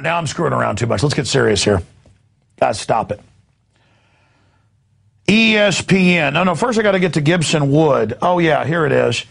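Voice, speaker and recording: A man's voice: medium pitch, gravelly, husky. A man hosting a news talk show, ranting with indignant sarcasm and repeating himself as he goes.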